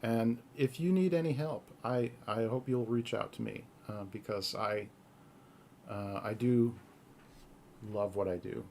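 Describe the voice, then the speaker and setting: A man hosting a live-coding stream, talking in a halting, earnest, soft-spoken way with a gravelly voice. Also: lowish voice, a little hiss or hum. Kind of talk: casual live-stream talk.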